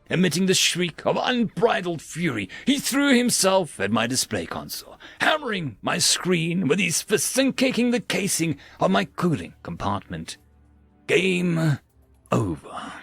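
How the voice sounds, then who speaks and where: A man's voice: on the high side, very animated, moderate pace, vocal fry, breathy edge, no echo, faint music behind. A man narrating a sci-fi story in a wry, theatrical storytelling manner.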